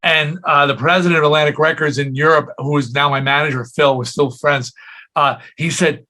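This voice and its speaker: A man's voice: a little high, fairly quick. A man in his sixties, a rock singer telling stories in a casual interview, slipping into quoted voices as he goes. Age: 60s. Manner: animated storyteller, jumps into quoted voices.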